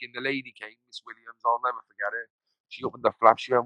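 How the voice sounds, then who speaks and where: A man's voice: medium pitch, flat delivery, fast, pushed and bright, dry recording, poor audio. A man, a podcast guest telling his story casually, rambling, swearing freely and acting out the voices of people he quotes.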